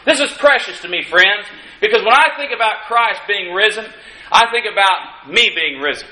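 High, bright-voiced preacher in an echoey church. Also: male voice, animated, normal speed. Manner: folksy preaching with dry humorous asides; rises in emphasis on key lines. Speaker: pastor. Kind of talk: sermon. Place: church sanctuary. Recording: echoey room. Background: congregation calling out amens.

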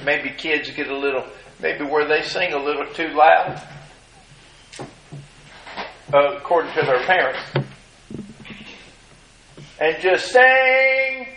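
A man's voice: fairly high pitch, slow pace, long pauses, sharp tone, slight background noise. A male preacher giving an emphatic sermon and reading scripture aloud. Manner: emphatic, reads scripture in old-fashioned phrasing. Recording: echoey room.

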